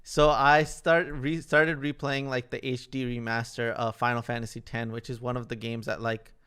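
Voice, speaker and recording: A man's voice: mid-range voice, flat delivery, normal speed, bright, forceful tone, clean tone. A young man co-hosting a podcast, telling stories in a rambling, casual way full of fillers. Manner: rambling, filler-heavy storytelling. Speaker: podcast co-host. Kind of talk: casual chat.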